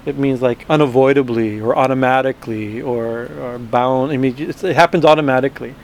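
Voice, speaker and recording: A man teaching a verse-by-verse scripture class, chanting Sanskrit words slowly and then translating them, with many fillers and restarts. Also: medium pitch, a little mellow, a little hiss or hum.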